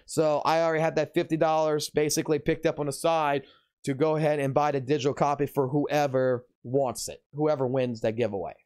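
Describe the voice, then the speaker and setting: A man's voice: fairly high pitch, steady tone, a little fast, darkish tone, smooth. Male game streamer, profane and ranting, voice a touch above the usual male range. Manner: profane, ranting, heavy cursing. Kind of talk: casual livestream talk.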